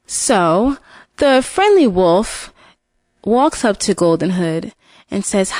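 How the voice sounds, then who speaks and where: A woman retelling a fairy tale in an unscripted way, with restarts and fillers, lifting her pitch to voice the characters. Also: expressive, slow, a little mellow, no room sound. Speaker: storyteller.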